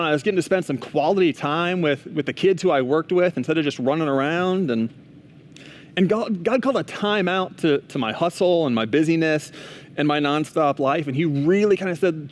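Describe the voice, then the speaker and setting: Young man, chapel speaker, chatty storytelling, slightly high voice, frequent asides. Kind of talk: casual chapel talk.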